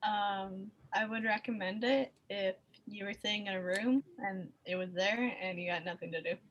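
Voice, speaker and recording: A woman taking part in a casual group chat, offering dry, offhand comments. Her voice sits at a middle pitch and is delivered in an easy, unhurried way. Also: steady tone, fairly bright tone, lo-fi sound, a little hiss or hum. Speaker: former school nurse.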